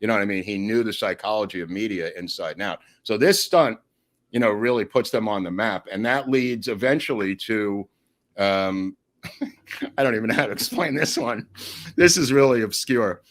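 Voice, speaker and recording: A man tells stories as an interview guest. His delivery is animated, and he laughs mid-sentence as he goes. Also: lowish voice, normal speed. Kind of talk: storytelling anecdotes in an interview.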